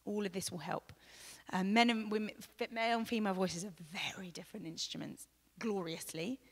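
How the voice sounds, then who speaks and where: A woman from England, teaching a live vocal masterclass, chatty and demonstrative, with loud sung demos and soft asides. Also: mid-range voice, fairly quick. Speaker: vocal coach. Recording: long hall reverb.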